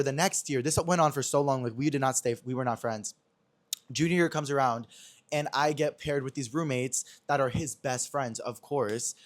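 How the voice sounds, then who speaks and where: A man's voice: mid-range voice, no echo. A young man hosting a podcast, telling a personal story in a chatty, dramatic way full of slang and acted-out dialogue. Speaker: podcast host. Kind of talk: casual storytelling chat.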